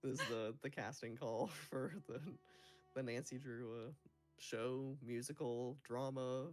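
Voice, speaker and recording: A man's voice: medium pitch, fairly even intonation, a little slow, soft background music. A man co-commentating on a charity speedrun, chatting in a laid-back, joking way with frequent chuckles. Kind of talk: casual chat.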